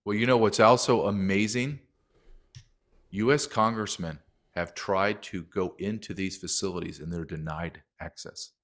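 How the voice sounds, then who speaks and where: A man's voice: low-pitched, measured pace, fairly bright tone. A middle-aged man speaking as a documentary filmmaker guest in a heated interview, emphatic and impassioned, acting out quotes.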